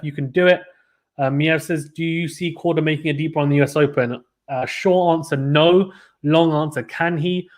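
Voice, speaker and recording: A man commentating a live tennis watchalong stream, chatting casually and reading out viewer comments between points. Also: a little high.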